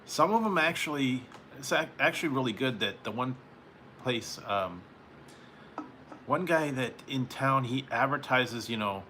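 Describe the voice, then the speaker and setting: A man's voice: medium pitch, pushed and bright, a little hiss or hum. A man hosting a live stream, chatting casually with viewers in a rambling way and chuckling often between remarks. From California. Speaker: live-stream host reading chat.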